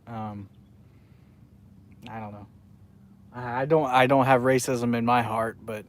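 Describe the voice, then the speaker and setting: A man from South Carolina talks casually on a live stream while fishing outdoors. His delivery rambles, with restarts, as he chats with the viewers in between casts. His voice sits at an ordinary middle pitch. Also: unhurried, pauses often.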